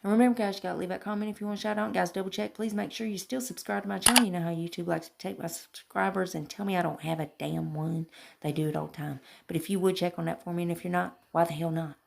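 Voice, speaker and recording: A woman's voice: lowish voice, steady tone, fast talker, vocal fry. A woman chatting folksily in a beauty vlog voice-over, calling her viewers honey and girl and swearing mildly. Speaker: beauty vlogger.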